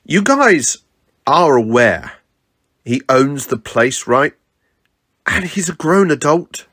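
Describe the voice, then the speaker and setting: A man voicing a sarcastic young man on a ranger team, slow and mocking. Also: a little high, very animated, fairly bright tone, no room sound, clean studio sound, exaggerated voice. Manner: sarcastic, drawn-out. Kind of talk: audio drama narration.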